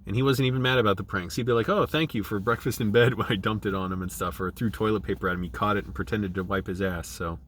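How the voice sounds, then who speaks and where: A middle-aged man, choked up, talking in a halting, emotional way, with many restarts and fillers. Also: on the low side, fairly even intonation, fairly bright tone, a little hiss or hum. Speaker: channel creative director. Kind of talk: personal video diary.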